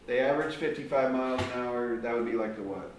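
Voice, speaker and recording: A man's voice: mid-range voice, fast talker, a little hiss or hum. Patient male tutor in an echoey room. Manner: patient, guiding with questions. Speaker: math tutor. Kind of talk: working through algebra word problems with students. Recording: very echoey room, mic far off.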